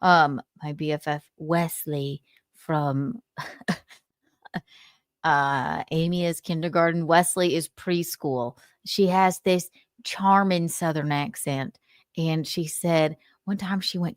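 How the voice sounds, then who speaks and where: A woman's voice: low voice, slow, long pauses, no room sound, clean studio sound. A young woman hosting a livestream, chatting casually and reading viewer comments, giggling and losing her words as she rambles. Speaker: livestream host.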